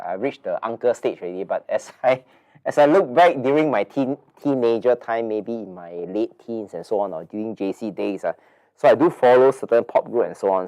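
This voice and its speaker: His voice is fairly low and darkish, nasal as if his nose is blocked, with a Singaporean English accent. The forties-aged man hosts a laid-back webinar, chatting and rambling with many fillers and repeated words.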